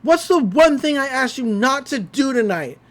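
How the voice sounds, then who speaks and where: A podcast host voicing an excitable cartoon tween girl in a high, eager voice while recapping an episode. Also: moderate pace. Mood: excited.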